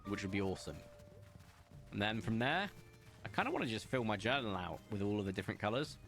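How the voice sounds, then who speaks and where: A young man streams a game from a room at home with the window open, chatting with his viewers and joking at his own expense as he plays. His voice sits fairly low and comes out fast, very animated, a bit bright, with some vocal fry. Soft music plays in the background.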